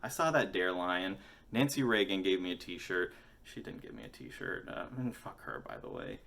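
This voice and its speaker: A man's voice: sits low, wildly swooping pitch, moderate pace, vocal fry, a bit bright. A man in his forties telling a rambling, profane, self-mocking story in a casual vlog. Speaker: musician and vlogger.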